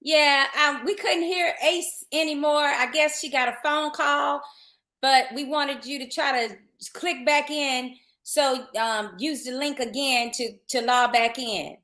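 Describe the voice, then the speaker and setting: Woman podcast host, upbeat and chatty, highish bright voice, echoey room. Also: a little slow. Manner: chatty, upbeat, loose restarts. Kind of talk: casual podcast chat and event promo. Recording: roomy echoey sound.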